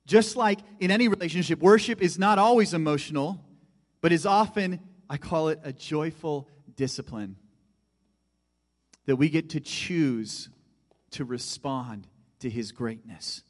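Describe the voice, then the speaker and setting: A middle-aged man preaching a sermon, animated, moving between loud emphasis and hushed asides. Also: on the high side, unhurried. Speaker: pastor. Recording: long hall reverb.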